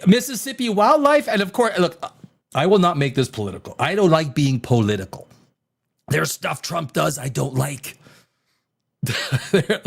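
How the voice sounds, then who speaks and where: A man hosting a live stream, ranting in a casual, crass and excitable way and laughing often. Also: on the high side, creaky. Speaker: live show host.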